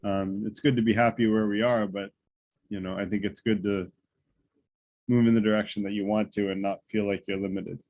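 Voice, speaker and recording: A man hosting a group video call, speaking in a relaxed way with many fillers. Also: lowish voice, a little fast, no echo, muffled recording. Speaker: group host.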